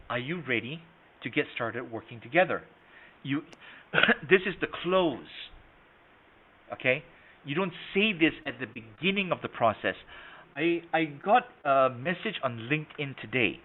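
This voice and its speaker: A man teaching sales in an online webinar, hesitant with many fillers, then stressing his points. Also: mid-range voice. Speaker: sales trainer. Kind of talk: webinar lesson. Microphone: video call. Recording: tinny phone-like line.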